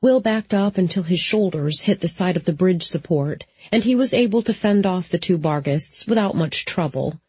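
A woman narrating an audiobook in a steady, even storytelling manner. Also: on the low side, normal speed, few pauses, slightly rough, dry recording, dull audio.

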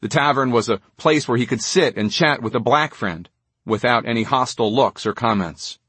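A man narrating an audiobook in a measured, steady storytelling manner. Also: medium pitch, breathy edge, no room sound. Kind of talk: scripted narration.

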